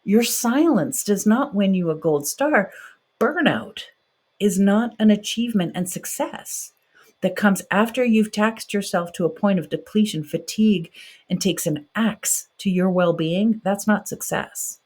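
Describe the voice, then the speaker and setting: A woman's voice: mid-range voice, lively intonation, a little slow, darkish tone, slightly rough. A woman in her forties hosting a podcast, talking directly and encouragingly in a motivational monologue. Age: 40s. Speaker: podcast host.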